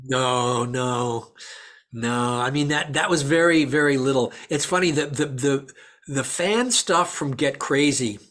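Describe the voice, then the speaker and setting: A man's voice: mid-range voice, measured pace. A man, an actor guest in an interview, telling anecdotes and acting out the voices of people he quotes. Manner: animated, acts out quoted voices. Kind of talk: storytelling interview answers.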